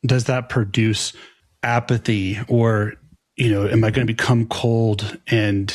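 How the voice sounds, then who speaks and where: A man's voice: fairly low pitch, little pitch movement, measured pace, no echo, studio quality. A man co-hosting a podcast, speaking reflectively and searching for words, often restarting his phrases. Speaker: podcast co-host. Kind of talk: casual podcast conversation.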